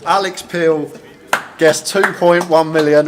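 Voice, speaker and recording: A man's voice: mid-range voice, fairly quick, noisy background. A man commentating on a live poker stream, chatting casually with stammering restarts and frequent laughter.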